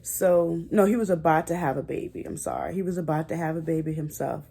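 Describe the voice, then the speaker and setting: A young woman speaks to her viewers in a casual storytime vlog. Her voice sits low, with a gravelly, dark, mellow tone. She talks in a chatty, earnest way, calling her audience y'all. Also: brisk. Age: young adult. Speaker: vlogger.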